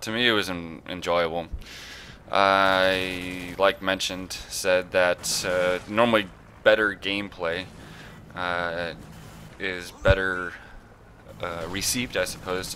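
A young man with a low, bright-edged voice talks over his gameplay in a loose, rambling way. He mocks himself, trails off, and swears casually. A faint hum sits under him. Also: steady tone, slow. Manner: rambling, self-mocking, lots of filler and cursing. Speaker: gameplay commentator. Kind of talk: casual game commentary.

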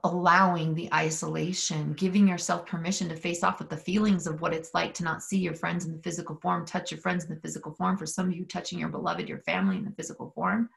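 A woman's voice: fairly low pitch, fast talker, creaky, few pauses. A woman leading a guided spiritual session from a mountain home, earnest and intimate, swearing freely and leading call-and-response prayer. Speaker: spiritual workshop leader.

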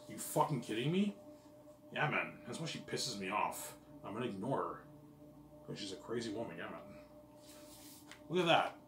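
A man's voice: lowish voice, sing-song, normal speed, long pauses, fairly bright tone, reverberant, far from the mic, a little hiss or hum. A man talking casually to his viewers in a rambling, boastful, profane monologue. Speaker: vlogger.

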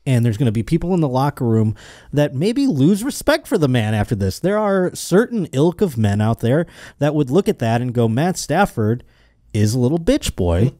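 A man's voice: mid-range voice, sing-song, fairly quick, dark tone, no room sound, clean studio sound. A man hosting a comedy podcast, rambling crudely and mocking people with put-on quotes. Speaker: podcast host. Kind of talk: casual comedic podcast banter.

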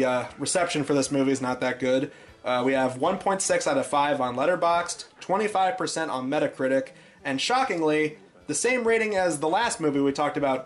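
A man reviews a movie in a loose, sarcastic, comedic way. He keeps dropping in "uh" and "like" as he talks. His voice sits a bit higher than most men's. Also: a bit bright. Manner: sarcastic, loose, many fillers like "uh" and "like". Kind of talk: casual comedic review commentary.

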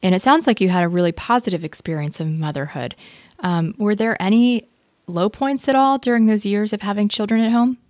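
Woman podcast host, gentle probing questions, dry close sound. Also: medium pitch, a little fast, dry recording. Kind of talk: interview questions.

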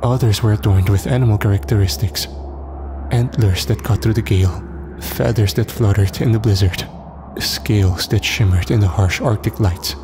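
A man narrating a horror story in a measured, dramatic, scripted style. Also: on the low side, steady tone, noisy background. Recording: long reverb, faint music.

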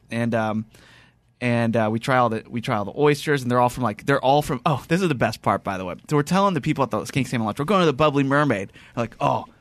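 A man's voice: medium pitch, no echo. A man hosting a casual chat, telling a long story with many restarts and acted-out quotes. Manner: rambling, animated, lots of restarts and quoted dialogue. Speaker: podcast host.

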